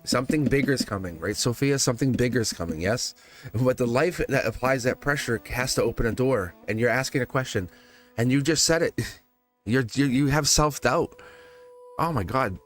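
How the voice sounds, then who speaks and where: A man giving a live-stream tarot reading, teasing and animated, laughing often and acting out quotes. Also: medium pitch. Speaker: tarot reader.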